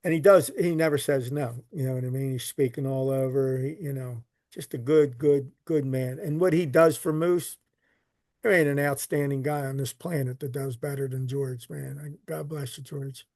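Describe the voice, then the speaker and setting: A man's voice: mid-range voice, normal speed, darkish tone, no echo, studio quality. A man, a podcast guest telling a long story in a rambling way, repeating words and swearing casually. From Philadelphia. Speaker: podcast guest, recovery literature collector.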